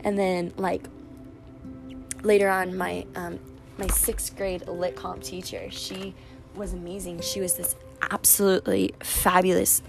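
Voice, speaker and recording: A young woman with a lowish, gravelly voice hosts her faith podcast in a loose, rambling chat. She fills her sentences with "like" and "um" while music plays clearly underneath. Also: steady tone, measured pace. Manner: chatty and rambling, full of "like" and "um". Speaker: podcast host. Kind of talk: casual faith-based podcast monologue.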